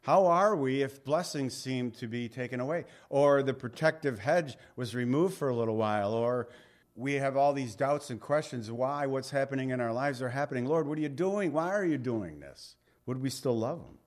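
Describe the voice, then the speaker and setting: A man's voice: medium pitch, normal speed. A man preaching a sermon in a conversational way, reading scripture aloud and slipping in folksy asides and jokes. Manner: reads scripture aloud in King James wording. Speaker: pastor.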